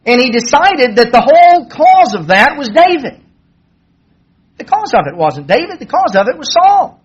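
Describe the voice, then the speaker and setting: A man's voice: extremely high pitch, big pitch swings, normal speed, slightly rough. A man preaching a sermon, retelling a Bible story in a conversational way and acting out the quoted dialogue with a raised voice. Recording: dull lo-fi sermon recording.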